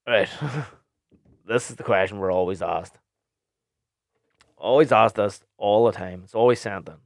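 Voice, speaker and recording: Low-voiced, swearing man. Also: measured pace, no room sound, clean studio sound. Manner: blunt and sweary, rambling with filler words. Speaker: podcast host and DJ. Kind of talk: casual podcast chat, answering listener questions.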